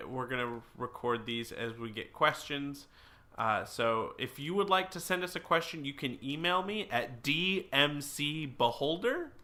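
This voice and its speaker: A man with a very bright, forceful voice hosts a casual podcast and laughs often. His talk is relaxed and friendly banter. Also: mid-range voice. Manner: laughs easily, wraps up the show. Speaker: podcast host.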